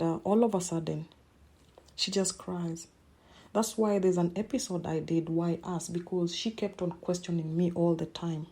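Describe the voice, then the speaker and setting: A middle-aged woman with a low, mellow and slightly husky voice tells a personal story as a podcast host. Her delivery is halting and emotional, and she often repeats words mid-sentence.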